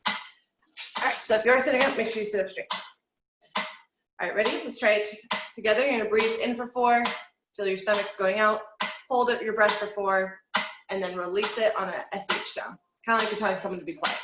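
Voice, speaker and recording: A woman's voice: mid-range voice, fairly even intonation, fast talker, heavy background noise. Woman vocal coach in an echoey room. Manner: encouraging, instructive, counts aloud. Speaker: vocal teacher. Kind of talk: online singing lesson, guiding breathing exercises. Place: home room.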